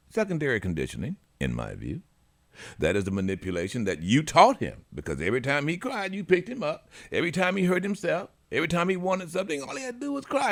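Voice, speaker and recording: A man hosting a radio talk show, telling stories in a lively way and acting out the people in them. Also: low-pitched. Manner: animated storytelling, acts out the people in his stories. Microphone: studio mic.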